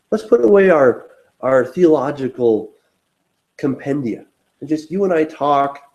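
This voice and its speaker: Male Bible teacher, mellow tone, lively pitch swings, earnest, acts out quotes. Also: unhurried, low-quality recording. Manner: animated, acts out inner dialogue in quoted voices; earnest, self-deprecating. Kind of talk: conversational Bible study teaching.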